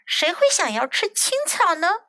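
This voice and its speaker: A woman's voice: very high-pitched, big pitch swings, bright, forceful tone, dry recording, voice pushed up, exaggerated voice. A woman voicing a cranky, hungry little bird in a bilingual children's storybook reading, whiny and demanding. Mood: grumpy. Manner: whiny, drawn-out complaints.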